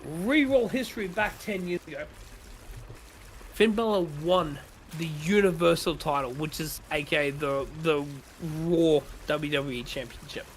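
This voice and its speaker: A man's voice: a little high, measured pace, a little hiss or hum. A man chatting on a gaming stream, ranting with strong opinions and frequent swearing. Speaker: streamer co-host. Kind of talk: casual chat during a gaming stream.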